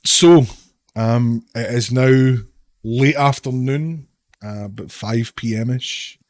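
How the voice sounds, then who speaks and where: Relaxed male game master, dry sound. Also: mid-range voice, takes it slowly, no room sound. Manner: relaxed, loose, frequent fillers. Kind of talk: narrating a tabletop game.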